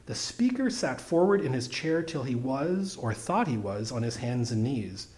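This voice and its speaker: A man reading a humorous story aloud with an expressive, wry delivery. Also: medium pitch, moderate pace, few pauses. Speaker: narrator.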